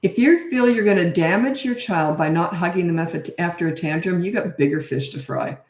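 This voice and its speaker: A middle-aged woman parenting coach answering questions in a blunt, brisk, no-nonsense way. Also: fairly low pitch, a little mellow. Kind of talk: casual Q&A advice. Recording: echoey room.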